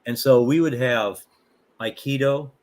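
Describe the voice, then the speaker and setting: Older man, guest martial arts teacher, rambling anecdotes, lots of uh and restarts, mid pitch. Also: unhurried. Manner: rambling, animated, many fillers and restarts. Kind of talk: casual storytelling.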